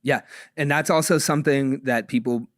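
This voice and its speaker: A man answering interview questions in a measured way, often pausing with ums and restarting. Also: medium pitch, steady tone, no echo, studio quality. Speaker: interview guest.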